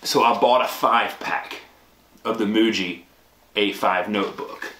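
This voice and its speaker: A man's voice: lowish voice, steady tone, unhurried, sharp tone. A man talking casually to camera in a chatty, rambling way, with many restarts and ums. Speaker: pastor and vlogger. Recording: echoey room with clear background noise.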